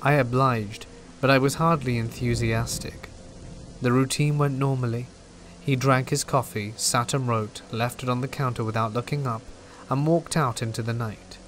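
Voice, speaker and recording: Hushed man narrating over soft rain. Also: medium pitch, normal speed. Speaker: horror story narrator. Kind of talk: scripted narration. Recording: rain noise behind voice. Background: steady rain.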